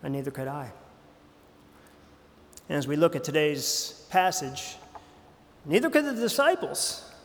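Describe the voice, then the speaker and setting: A man preaching in a loose, conversational way, stumbling over fillers and restarting his sentences as he goes. His voice sits a bit high for a man. It rings out with a long reverb across a large church sanctuary. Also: sing-song, measured pace, pauses often. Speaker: pastor. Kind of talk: sermon.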